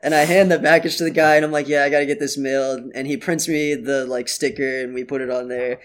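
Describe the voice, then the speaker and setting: A young man telling a story in casual chat, animated and laughing as he goes. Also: mid-range voice, fast talker.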